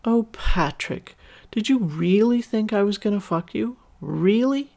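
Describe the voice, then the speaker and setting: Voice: medium pitch, lively intonation, unhurried, gravelly, darkish tone, pitched above the performer's own voice. A storyteller voicing a vengeful young woman with a mocking, sing-song manner.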